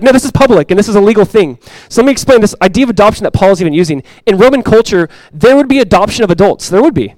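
A young adult man preaching a sermon as pastor, earnest and repeating key phrases, often dropping to a soft, intimate tone. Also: sits high, no echo, poor audio.

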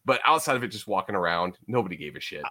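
A man's voice: low voice, animated, quick pace, bright, forceful tone. A man co-hosting a podcast, chatting casually, swearing freely and laughing as he talks. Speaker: podcast co-host. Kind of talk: casual chat.

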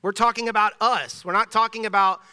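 Pastor, male, thirties; bright, crisp delivery, conversational and emphatic sermon; long church reverb. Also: high voice, steady tone, brisk. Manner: conversational, emphatic, with frequent restarts. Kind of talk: casual sermon. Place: church sanctuary.

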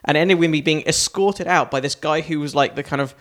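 A man's voice: a little high, fast talker, a bit bright. A male stand-up comedian, telling rambling anecdotes in a casual podcast chat. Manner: rambling anecdotal storytelling with frequent laughs.

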